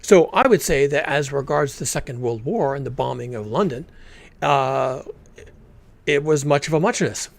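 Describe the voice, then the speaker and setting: A man's voice: medium pitch, expressive, normal speed, creaky. A man commentating on a recorded talk in a blunt, emphatic way, swearing freely. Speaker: reaction video commentator.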